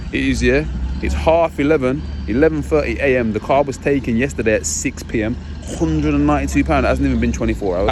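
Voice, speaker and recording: A young British man vlogging outdoors, ranting in frustration and addressing his viewers directly in slang. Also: mid-range voice. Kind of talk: ranting to camera. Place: outdoors by a vehicle impound. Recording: outdoor street noise.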